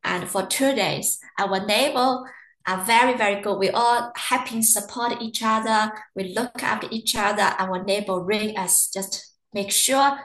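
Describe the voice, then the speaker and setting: A woman's voice: medium pitch, measured pace, a bit bright, echoey room, rough recording. A woman telling stories in a chatty, casual way during a university webinar. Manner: chatty, storytelling with acted quotes. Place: living in Ireland.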